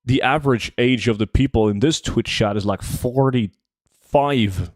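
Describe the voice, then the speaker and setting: Relaxed young man chatting on stream. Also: mid-range voice, fairly quick, no room sound, clean studio sound. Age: 20s. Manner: relaxed, answering chat while gaming. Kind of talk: casual livestream chat.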